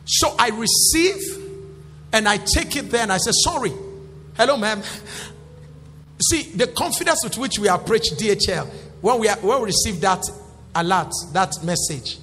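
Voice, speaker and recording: A male pastor preaching a sermon in call-and-response style, rising to shouts. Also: high-pitched, expressive, moderate pace, slight background noise. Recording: echoey hall with faint music.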